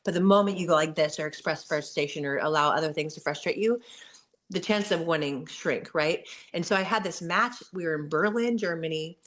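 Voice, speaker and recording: A woman's voice: low voice, fairly quick. A woman in her forties, a guest athlete, answering questions in an earnest, candid motivational talk. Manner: earnest, warm-hearted, frequent "you know" and "like".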